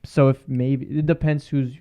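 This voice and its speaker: A laid-back young man in his twenties co-hosting a casual podcast chat. He speaks at a middle pitch, laughs easily and fills his talk with "like." The recording sounds a little muffled. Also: level tone, normal speed, clear, resonant tone. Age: 20s. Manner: laid-back, laughs often, says "like" a lot. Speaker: podcast co-host.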